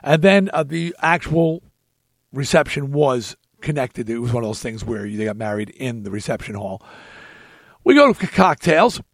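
A man hosting a podcast, telling a story in an animated, emphatic way. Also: medium pitch, moderate pace, no room sound, studio quality. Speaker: podcast host. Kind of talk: storytelling chat.

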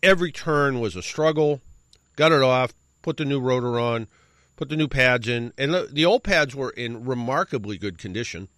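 A middle-aged man hosts a radio show and tells a long, casual story. His pitch swings up and down a lot. He corrects himself often and adds wry asides, and his voice sounds dry and close. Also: animated, moderate pace, a bit bright, dry recording. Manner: rambling, self-correcting anecdote with wry asides.

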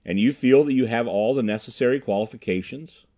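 A man voicing a brisk commanding inventor. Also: medium pitch, warm tone, natural voice.

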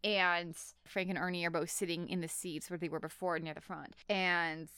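A woman's voice: fairly low pitch, moderate pace, smooth, dry recording. A woman host in casual chat, recapping a show animatedly and saying "like" a lot. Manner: animated, heavy use of "like".

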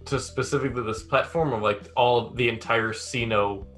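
A man's voice: medium pitch, steady tone, normal speed, a bit bright, soft background music. A man playing a tabletop role-playing game, asking hesitant questions. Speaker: player. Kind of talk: casual tabletop game talk.

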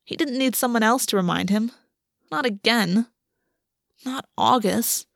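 A woman's voice: fairly high pitch, unhurried, creaky, dry recording. Woman narrating fiction, dry close sound. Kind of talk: audiobook reading of fiction.

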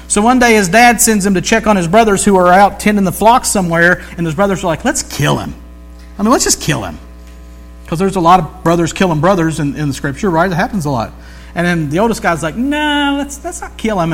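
A man's voice: a little high, fast talker. A man preaching a sermon in a loose, conversational storytelling way, with jokey asides and slang.

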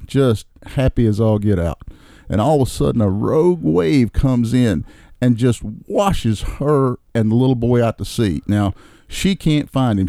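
Casting: male podcast guest, mid-pitched, easygoing storyteller, dry sound. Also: warm tone, no room sound. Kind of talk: casual chat and joke telling.

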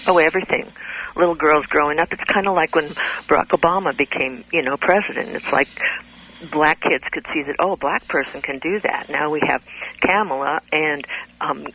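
A woman's voice: sits low, moderate pace, fairly bright tone, breathy edge, poor audio. A woman speaking as a guest on a radio interview, earnest and often restarting her sentences. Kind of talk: interview conversation.

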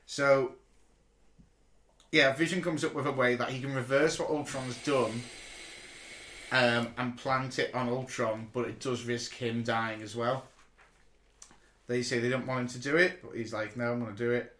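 A man co-hosting a podcast, retelling a comic plot in an excitable, animated way. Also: medium pitch, a little slow, pauses often. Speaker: podcast co-host. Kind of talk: casual chat. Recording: echoey room.

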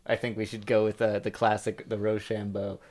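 A man's voice: lowish voice, monotone, a little fast, darkish tone. Laughing, joking male podcast co-host. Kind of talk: casual comedic chat.

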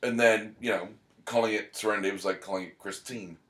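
A man with a lowish voice talks in a loose, casual podcast chat. He rambles, cracks jokes and drifts off on quick tangents while explaining a show to his co-host. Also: fairly even intonation, a bit bright, echoey room.

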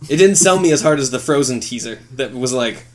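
A man co-hosting a podcast in casual chat, animated and swearing freely as he acts out scenes in silly voices. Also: medium pitch, fairly quick. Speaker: podcast co-host.

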